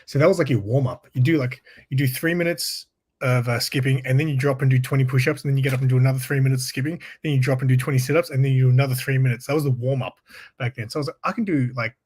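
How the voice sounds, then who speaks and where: Aussie guy yarning away, husky voice, laughs a lot. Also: mid-range voice, fairly even intonation, rapid-fire, a little mellow. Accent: Australian. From Australia. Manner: laughs often while telling stories. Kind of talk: casual chat, storytelling.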